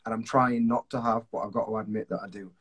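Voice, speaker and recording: A man's voice: lowish voice, steady tone, fast, slightly rough. A man, a singer-songwriter, chatting casually in an interview on a video call, self-deprecating and full of restarts.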